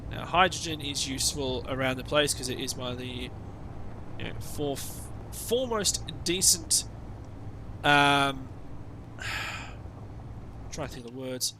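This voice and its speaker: A man's voice: medium pitch, slow pace, pauses often, noisy background. An Australian man chatting casually over his gameplay stream, rambling and swearing with sarcastic asides.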